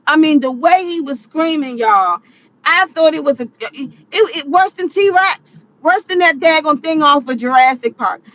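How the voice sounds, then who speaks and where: High-voiced woman ranting animatedly. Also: a little slow, muffled recording. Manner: animated, exclaiming, laughing. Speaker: vlogger. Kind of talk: ranting commentary.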